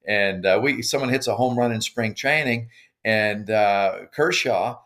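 Older male coach as guest, fairly low voice, loose and meandering, trips over his starts. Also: measured pace, a bit bright. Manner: rambling, with many restarts and fillers. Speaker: podcast guest, baseball coach. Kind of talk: casual interview conversation.

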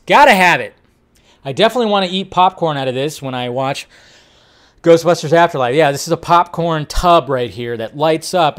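Guy hosting a movie news chat, kinda high voice, rambly and jokey, laughs a bunch. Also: clear, resonant tone. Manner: animated, laughs often, rambling asides. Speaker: host.

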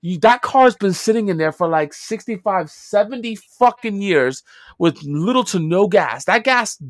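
A man's voice: high voice, lively intonation, measured pace, no echo, clean studio sound. A young man co-hosting a casual podcast, picking apart a movie bluntly and swearing often. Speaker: podcast co-host. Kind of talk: casual movie-review chat.

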